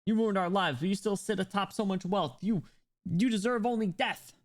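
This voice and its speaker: A man's voice: high-pitched, moderate pace, voice pushed up, close to an everyday voice. A man voicing a seething, vengeful rapper who accuses a rival. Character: bitter vengeful male rapper.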